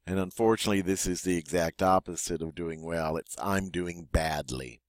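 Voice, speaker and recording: A man's voice: sits low, lively intonation, moderate pace, hardly any pauses, no room sound, clean studio sound. A man teaching a vocabulary lesson, saying each word twice and then giving its meaning. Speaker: French teacher.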